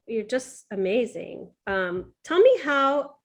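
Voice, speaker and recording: A woman hosting an interview, affirming her guest and talking in quick bursts. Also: a little high, sing-song. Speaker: podcast host. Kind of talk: casual interview chat.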